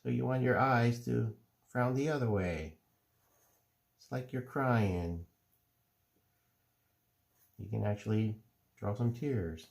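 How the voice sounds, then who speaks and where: A middle-aged man calmly explaining, step by step, how to draw cartoon faces. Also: mid-range voice, gravelly. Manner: relaxed, unhurried step-by-step explaining. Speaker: drawing teacher. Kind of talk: casual drawing tutorial.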